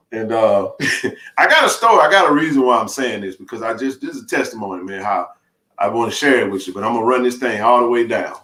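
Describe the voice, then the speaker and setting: A middle-aged man, telling a rambling, animated story on a live stream, full of restarts and laughs. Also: mid-range voice. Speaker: live-stream sports chat host. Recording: roomy echo.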